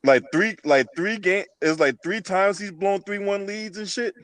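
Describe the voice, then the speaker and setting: A man's voice: high-pitched, unhurried, fairly bright tone, slight background noise. A man hosting a casual sports chat, loose and slangy, swearing freely. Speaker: podcast host.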